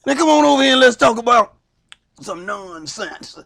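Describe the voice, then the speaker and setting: A man's voice: very high voice, lively intonation, moderate pace, creaky, fairly bright tone, dry recording, clean studio sound, full character voice. A man voicing a sly, tempting old self who coaxes his listener toward nonsense. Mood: coaxing.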